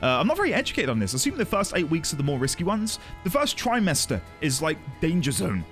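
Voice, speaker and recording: Earnest, lively-voiced male streamer. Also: fairly high pitch, fast talker, soft background music. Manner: earnest and emotional, greets viewers by name, rambling. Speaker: live streamer. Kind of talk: casual chat with a live audience.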